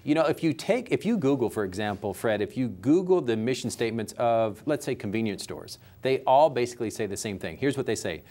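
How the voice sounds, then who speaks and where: A man's voice: mid-range voice, fairly quick, hardly any pauses. A man speaking as a customer service coach in an interview, explaining his points with everyday examples. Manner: animated, teaching with everyday examples.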